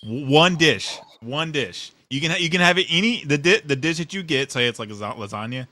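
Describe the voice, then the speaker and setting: A man chatting casually on a podcast, joking around and swearing in a relaxed way. His voice is bright and the sound is dry and close, with no room. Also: a little high, fairly quick, no echo. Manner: laid-back, swearing banter. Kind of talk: casual chat.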